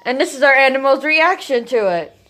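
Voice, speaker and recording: A woman's voice: high voice, animated, brisk, a bit bright. A woman casually narrating a home video of her pets from behind the phone camera, cheerful and chatty.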